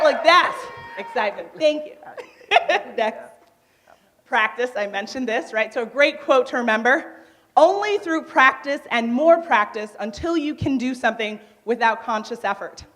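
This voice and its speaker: A young woman giving a motivational talk on a conference stage, naturally loud, laughing often and asking the crowd questions. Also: a little high, lively intonation, moderate pace. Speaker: conference speaker. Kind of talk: motivational workshop talk to a live audience.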